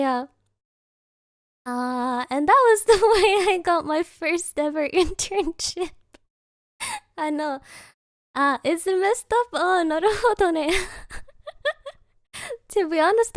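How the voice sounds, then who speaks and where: A woman's voice: very high-pitched, no echo, studio quality. A young woman VTuber streamer from Germany, telling a story in casual chat, giggling mid-sentence and dropping Japanese interjections.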